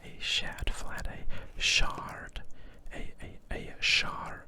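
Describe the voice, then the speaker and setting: A German ASMR creator with a German accent, whispering softly in English with hesitant fillers and playfully repeating and mangling words. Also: drawn-out words.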